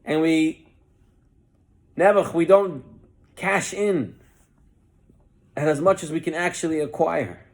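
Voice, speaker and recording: A man's voice: a little high, takes it slowly, long pauses. A man, a rabbi, giving a Torah class, telling a parable. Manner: animated parable-telling with lively voiced quotes.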